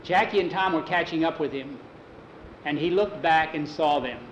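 A man's voice: fairly high pitch, moderate pace, highs cut off, a little hiss or hum. Man telling an improvised story, echoey. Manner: casual, repeats "he said", restarts words.

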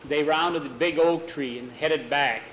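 A man telling a homespun story aloud in a relaxed, plain-spoken way. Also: on the high side, unhurried, lo-fi sound. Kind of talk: folksy oral storytelling. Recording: echoey room, faint traffic.

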